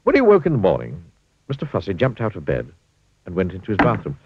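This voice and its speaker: A man reading a children's storybook aloud in a playful, expressive way. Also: low-pitched, fast, breathy edge, no echo. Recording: dull lo-fi dry recording.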